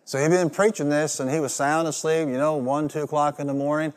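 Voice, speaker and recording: A man's voice: a little high, fairly even intonation, a little fast, in a large hall. A male pastor preaching a rousing sermon, leading the congregation in call-and-response. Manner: rousing, call-and-response, rising to loud peaks.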